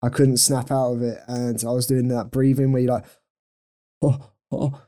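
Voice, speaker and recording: Young male podcast co-host, warm low-toned voice, self-mocking and giggly. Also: flat delivery, fairly quick. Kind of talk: casual storytelling chat.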